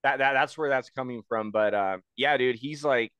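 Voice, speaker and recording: A man co-hosting a podcast, talking casually in a rambling, halting, profane way. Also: mid-range voice, fairly bright tone, clean tone, dry recording. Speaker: podcast co-host.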